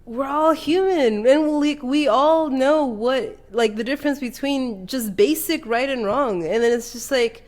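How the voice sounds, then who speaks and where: A woman rambles on a podcast with lots of fillers and casual swearing. Her voice sits fairly high. She speaks in a loose, conversational way. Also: unhurried, few pauses. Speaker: podcast co-host. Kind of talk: casual chat.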